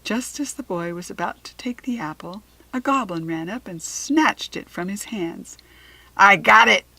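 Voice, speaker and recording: A woman reading a children's storybook aloud, slow, clear and expressive. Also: mid-range voice, no echo, rough recording. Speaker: storybook reader.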